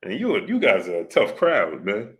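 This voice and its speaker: A man's voice: fairly low pitch, huge pitch swings, normal speed. A man hosting a casual livestream, reading out viewers' comments in a slangy manner and calling them "brother". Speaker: livestream host. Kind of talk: casual live-stream chat.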